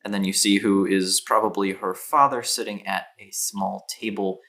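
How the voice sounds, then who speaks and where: A man's voice: lowish voice, fairly even intonation, moderate pace, sharp tone. A man narrating a tabletop fantasy game as game master, hesitant, with many ums and restarts.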